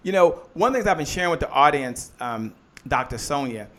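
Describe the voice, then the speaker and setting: A man's voice: on the high side, animated, brisk, a bit bright. A man hosting a live motivational business show, preaching in call-and-response and greeting viewers by name. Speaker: host.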